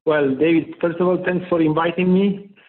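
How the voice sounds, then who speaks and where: A man with an Italian accent, a company head being interviewed, talking in a halting way with frequent pauses. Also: fairly high pitch, steady tone. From Italy. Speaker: company CEO guest. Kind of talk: remote interview. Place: home office in Milan. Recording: tinny phone-like line.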